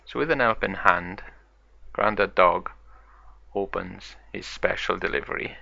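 A man narrating a story acted out with toys, in a slow, gravelly way. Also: low voice, pushed and bright, no room sound. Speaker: toy video narrator. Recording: dull lo-fi sound.

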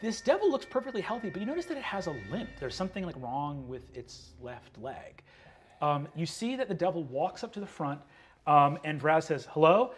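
A man narrating a live tabletop game as game master, animated and full of fillers, often laughing. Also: on the high side, brisk, faint music behind. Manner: animated, many fillers, laughs at his own voices. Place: live stage show.

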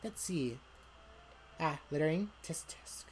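A woman's voice: sits low, lively intonation, fast, warm tone, a little hiss or hum. A woman voicing a smug, teasing male devil who rules hell, in a visual novel playthrough. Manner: teasing, sarcastic.

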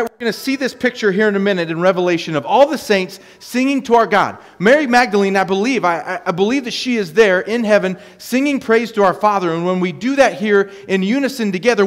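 A man preaching a sermon, earnestly reading scripture aloud between his own remarks. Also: high voice. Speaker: pastor. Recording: long hall reverb.

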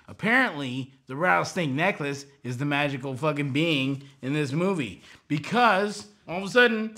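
A man's voice: mid-range voice, normal speed. A man retelling a movie in a rambling, profane comedic style, acting out the characters. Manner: rambling, profane, acts out characters with loud outbursts.

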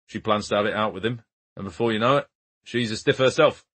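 A man doing a blunt, flat detective. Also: brisk, husky, no room sound. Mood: dry. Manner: flat, blunt, low-key. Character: blunt, menacing male police investigator.

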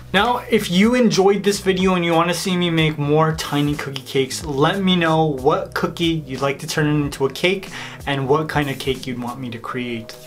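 Bubbly, giggly baking host, slightly hoarse. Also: medium pitch. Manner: bubbly and excitable, gasping and giggling. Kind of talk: voice-over commentary on old footage.

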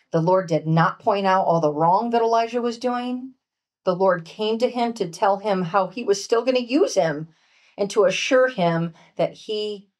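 A woman speaker teaching from scripture to a women's retreat, earnest and gentle, dropping to a soft hush on key points. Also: medium pitch. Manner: reads scripture aloud and acts out voices. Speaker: workshop speaker at a pastors' wives' retreat.

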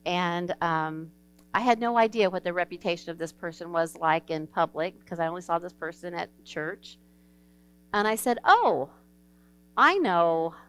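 A woman's voice: lowish voice, normal speed, clean tone. A woman pastor preaching an evening sermon in a church, telling stories in an earnest, folksy way and acting out the dialogue. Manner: earnest, folksy storytelling, acts out quoted dialogue. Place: church sanctuary.

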